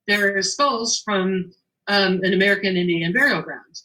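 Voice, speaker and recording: A middle-aged woman tells a story from her shop in an easygoing interview. Her voice is bright and forward, and she plays out every bit of dialogue with lively jumps in pitch. She laughs easily along the way. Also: unhurried, low-quality recording. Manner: animated storyteller, acts out the dialogue, laughs often. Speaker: shop owner telling a story. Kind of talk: casual anecdote in an interview.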